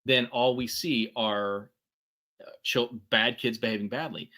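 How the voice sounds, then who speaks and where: Middle-aged guy talking thru a workshop, bright voice, lots of ums and right?. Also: medium pitch, fairly even intonation, unhurried. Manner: conversational, many fillers and tag questions. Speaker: podcast co-host. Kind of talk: workshop talk.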